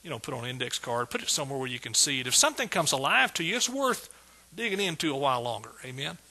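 A man's voice: mid-range voice, very animated, fast, bright, forceful tone, breathy edge. A middle-aged man preaching a sermon with exuberant energy, repeating phrases and calling out praise. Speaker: pastor.

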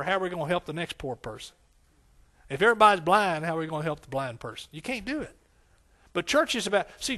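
A man's voice: a little high, fairly bright tone. A man preaching a sermon as pastor, with emphatic, repetitive phrasing and frequent call-and-response questions to his congregation.

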